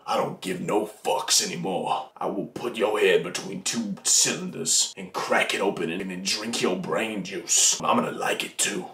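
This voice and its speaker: A man's voice: low voice, fairly even intonation, normal speed, hardly any pauses, a bit bright, far from the mic, voice pushed down. A young man putting on a menacing, boastful possessed gym-bro voice with growled, profane threats. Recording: roomy echo.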